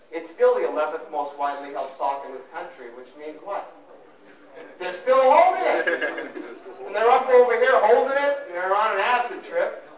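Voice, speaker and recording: A man with a high voice gives a financial seminar, joking with the audience and hammering home his points. He is heard from a distance in an echoing hall. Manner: joking, teasing, emphatic. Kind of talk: live seminar talk with audience banter.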